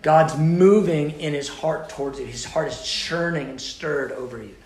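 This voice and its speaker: Passionate preacher man, fairly high voice. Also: normal speed, echoey room. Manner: passionate, swings from loud urgent pleading to hushed intimate tones. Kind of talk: teaching sermon.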